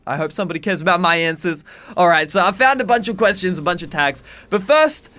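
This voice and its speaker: A man's voice: high-pitched, fast talker, bright, forceful tone, faint music behind. A nineteen-year-old man from Australia with a faint, watered-down Australian accent, chatting casually into his webcam and swearing freely. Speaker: YouTuber. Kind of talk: casual chat to camera.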